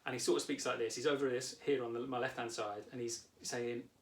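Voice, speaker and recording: A man in his thirties, a therapist and coach, calmly explaining a coaching lesson straight to the viewer. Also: mid-range voice, brisk. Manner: calm, warm explaining, talks directly to the viewer.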